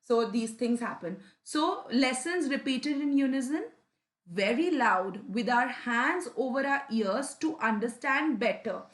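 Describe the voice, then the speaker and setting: A woman's voice: fairly high pitch, expressive, measured pace. Chatty woman teacher, echoey. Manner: conversational, repeats words, many "you know" fillers. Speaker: English teacher. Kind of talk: explaining a textbook chapter to students.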